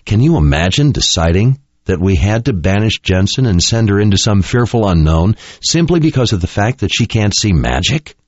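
A man voicing a grave, bitter young man in an audiobook, speaking low and quietly. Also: big pitch swings, normal speed, hardly any pauses, no echo. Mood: somber. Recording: dull lo-fi dry recording.

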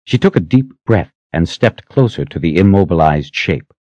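A man narrates a fantasy novel with a very deep voice and a lively, expressive delivery. The reading is dramatic and carefully scripted. The recording is dry, with a slightly dull, muffled tone. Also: normal speed, dry recording. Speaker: audiobook narrator.

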